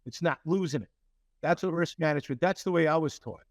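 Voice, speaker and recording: A man's voice: fairly high pitch, fast, no room sound, clean studio sound. A man, a company CEO, telling a story in an interview with many fillers and restarts, acting out quoted lines.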